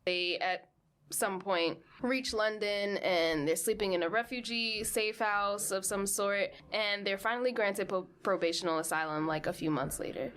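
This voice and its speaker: A woman's voice: medium pitch, normal speed, fairly bright tone, clear, resonant tone. A young woman co-hosting a podcast, retelling a film in casual chat, swearing freely and laughing often. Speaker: podcast co-host.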